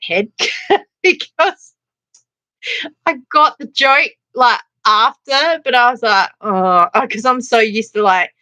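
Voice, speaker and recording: A woman's voice: fairly high pitch, takes it slowly, sharp tone, muffled recording. A middle-aged Australian woman hosting a casual livestream, chatting and laughing as she greets viewers by name. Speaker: livestream host. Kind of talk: casual livestream chat reading comments.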